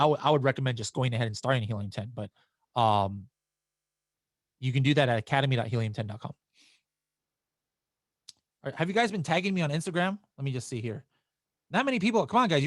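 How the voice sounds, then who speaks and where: A man hosts a live webinar and works through viewer questions in a loose, chatty manner. His pitch sits in an ordinary middle range. The sound is dry and close, with no room echo. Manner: casual and chatty, with frequent restarts and fillers.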